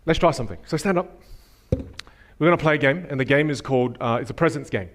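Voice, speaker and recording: A man's voice: medium pitch, brisk, a little hiss or hum. A man coaching a live workshop audience from a theater stage, speaking emphatically and repeating key phrases.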